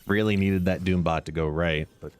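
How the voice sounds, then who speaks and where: A man's voice: low-pitched, steady tone, moderate pace. A man streaming a card game live, explaining plays and chatting as he greets viewers by name. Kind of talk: live gameplay commentary and chat. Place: home, seated.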